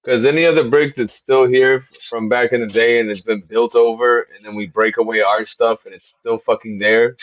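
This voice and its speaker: A man's voice: mid-range voice, steady tone, normal speed, hardly any pauses, low-quality recording. A man joking and teasing his friends in casual chat.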